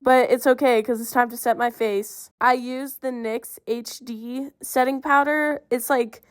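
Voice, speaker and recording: A woman's voice: on the high side, fairly even intonation, unhurried, no room sound, studio quality. A young woman with a Southern Californian accent, chatting casually through a makeup tutorial voiceover and using "like" a lot. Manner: chatty, filler-heavy with "like". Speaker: makeup vlogger.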